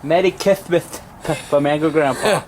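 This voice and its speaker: A man's voice: fairly high pitch, moderate pace. Man off camera, slightly raised voice, dry needling comebacks, noisy background. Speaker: son filming behind the camera. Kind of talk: casual teasing back-and-forth.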